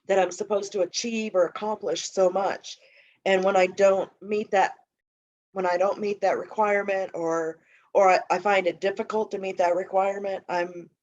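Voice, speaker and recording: A woman sharing personally at a recovery meeting, talking haltingly with many fillers and restarts. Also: mid-range voice, a little mellow, muffled recording.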